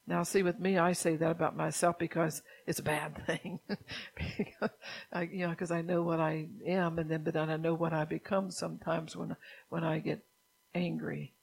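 A woman preaching a sermon who keeps asking the listeners if they understand, sometimes dropping into a soft whisper. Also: low-pitched, little pitch movement, moderate pace, gravelly, slightly rough, rough recording. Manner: drops at times into a soft whisper.

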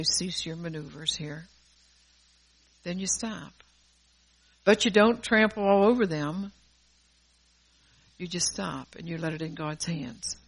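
A woman's voice: lowish voice, low-quality recording. A middle-aged woman preaching a sermon in a fervent, conversational way, laughing between points.

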